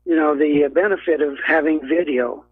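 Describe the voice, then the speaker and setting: A man calling in to a radio show, speaking haltingly with many fillers and restarts, heard over a phone line. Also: a little high, fairly even intonation. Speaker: caller. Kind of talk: call-in radio talk.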